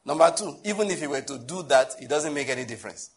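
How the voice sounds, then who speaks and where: A Nigerian pastor preaching a sermon in a conversational, humorous way, often asking the listeners questions. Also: male voice, on the high side, animated, fast.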